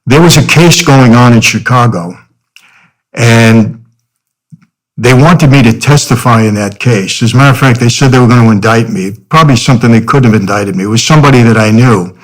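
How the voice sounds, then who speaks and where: Middle-aged male guest, earnest conversational storyteller, average pitch. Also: fairly quick, poor audio. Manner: earnest, frequent "you know" fillers. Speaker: podcast guest.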